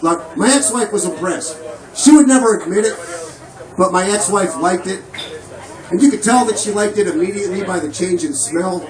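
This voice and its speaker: A man's voice: high-pitched, normal speed. A man doing a crude, profane, rambling stand-up comedy set on a comedy club stage. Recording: roomy, distant mic, loud crowd laughter.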